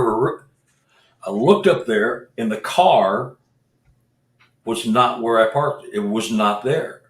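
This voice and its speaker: Male expedition leader, mid-pitched voice, rambling storyteller in a roomy, echoing space. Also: takes it slowly, pauses often. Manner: rambling, with restarts and repeated words. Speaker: Bigfoot researcher and expedition leader. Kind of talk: casual storytelling.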